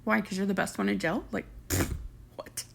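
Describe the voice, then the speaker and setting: A young woman giving a casual recap of reality TV, talking like she is sharing gossip. She is opinionated and chatty, full of side comments. Her voice has a lot of vocal fry. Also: mid-range voice, normal speed, slight background noise.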